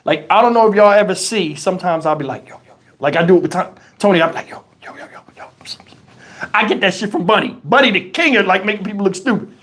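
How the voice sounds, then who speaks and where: Talking fast with few pauses in a high-sitting voice, a man hosting a live stream tells an amusing story, cursing casually and animatedly acting out everyone's voices.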